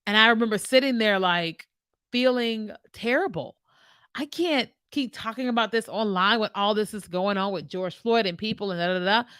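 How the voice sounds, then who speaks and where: Brief: woman host, bright tense voice, animated storyteller doing both sides of dialogue, dry close mic. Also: mid-range voice, moderate pace, clean tone, no echo. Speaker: host answering viewer comments. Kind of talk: casual faith talk, live stream.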